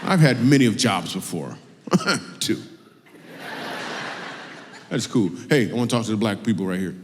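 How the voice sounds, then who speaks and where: Male comedian for crowd work, lively swooping delivery, teasing and laughing, live hall with faint ambience. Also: on the low side, moderate pace, slight background noise. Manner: animated, teasing, laughs often.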